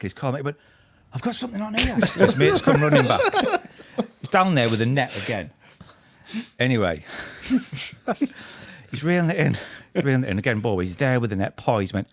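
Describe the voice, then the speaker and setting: A man with a husky voice, a podcast guest telling funny stories in a lively, laughing way, acting out what other people said. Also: mid-range voice, a little hiss or hum. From England. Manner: animated, laughing anecdotes with acted-out quotes. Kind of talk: storytelling chat.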